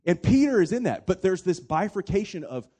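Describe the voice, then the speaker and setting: A man's voice: high voice, big pitch swings, a little fast, warm tone. A man who is a pastor, talking through a Bible passage in a reflective, storytelling way during a conversation. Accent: non-local accent.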